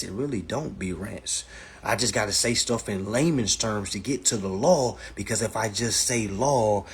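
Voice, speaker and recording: Male livestream host, husky, blunt and profane, lecture-style. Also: lowish voice. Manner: blunt, profane and lecturing, repeats "all right". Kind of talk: casual livestream talk. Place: indoors, livestream.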